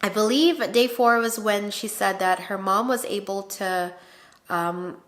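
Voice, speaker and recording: A woman vlogger casually telling a family story, chatty and animated, often acting out quoted dialogue. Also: mid-range voice, measured pace.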